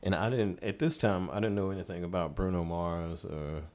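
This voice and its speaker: A middle-aged man, a studio owner casually telling stories as a podcast guest with relaxed, rambling anecdotes. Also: deep voice, moderate pace. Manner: relaxed, rambling anecdotes, laughing as he tells them. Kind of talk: casual storytelling in a podcast interview.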